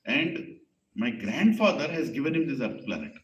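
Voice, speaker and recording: A man's voice: medium pitch, big pitch swings, moderate pace, reverberant, far from the mic, natural voice, rough recording. A man voicing a stubborn, deadly serious four-year-old boy who speaks bluntly. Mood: resolute. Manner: blunt, firm, unsmiling.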